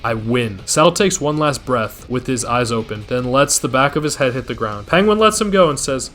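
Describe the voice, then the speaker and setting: A man's voice: mid-range voice, lively intonation, moderate pace, fairly bright tone, soft background music. Casual man recapping a show. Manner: rambling, swears casually, side comments. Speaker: gaming streamer recapping a TV show. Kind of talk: casual play-by-play recap commentary.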